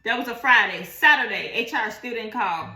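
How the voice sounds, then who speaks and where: A young woman, telling a slangy, animated storytime in a casual vlog. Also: a little high, normal speed. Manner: animated, slangy storytelling, voices others in quotes. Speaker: vlogger. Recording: echoey room with faint music.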